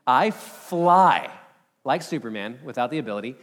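A man in his thirties preaching a sermon, telling a personal story in a casual, energetic way with lots of fillers. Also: medium pitch, normal speed. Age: 30s. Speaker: pastor. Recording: long hall reverb.

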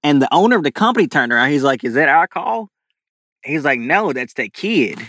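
A man's voice: fairly high pitch, very animated, fairly quick, fairly bright tone, no echo. A young man from with a drawl tells a story as an interview guest. He acts out the other people in it, laughing as he goes. His voice sounds close and dry, with no room sound. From Louisiana. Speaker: guest, animal caller.

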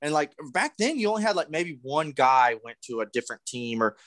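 A young man co-hosting a casual podcast chat, telling stories excitedly with loud acted-out yells and plenty of swearing. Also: a little high, brisk, no room sound. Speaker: podcast co-host.

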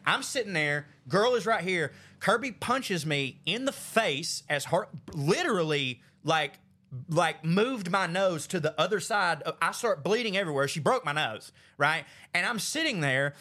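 A man hosting a podcast, telling a story in a casual, animated way and acting out what people said. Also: measured pace. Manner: animated storyteller, acts out quotes with big pitch jumps. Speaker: podcast host.

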